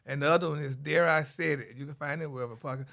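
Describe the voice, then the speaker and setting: A sassy middle-aged man tells his story in a casual interview. His voice is bright and a little high for a man, and he sprinkles honey through every sentence. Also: steady tone, fast talker, vocal fry. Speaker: radio personality guest.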